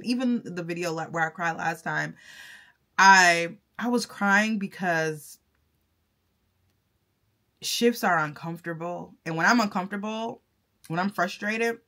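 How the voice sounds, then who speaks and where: Bright-voiced woman vlogging, effusive. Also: lowish voice, measured pace, long pauses. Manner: effusive and emotional, talks straight to viewers; chatty with many fillers and restarts. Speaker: vlogger and content creator. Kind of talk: casual vlog talk to camera.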